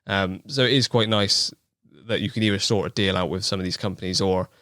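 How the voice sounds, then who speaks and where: A man with a West Country accent chats on a podcast in a low, unhurried voice. He is easygoing and thoughtful and laughs often, and the sound is close and dry. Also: steady tone, pushed and bright, dry recording. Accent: West Country English. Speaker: podcast guest, angling video maker. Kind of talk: casual podcast chat.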